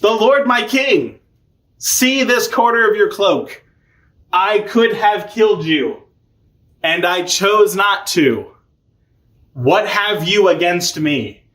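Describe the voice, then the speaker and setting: Man putting on a young hero-king, dignified and exasperated, slow and emphatic, voice pitched up high, storytelling retelling. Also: lively intonation, a bit bright, full character voice. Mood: solemn.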